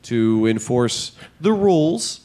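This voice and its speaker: A man's voice: medium pitch, big pitch swings, slow pace, dark tone. A man co-hosting a comedy podcast, telling a long, rambling story in casual chat and swearing freely. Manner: rambling, profane storytelling, acts out his own reactions. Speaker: podcast co-host.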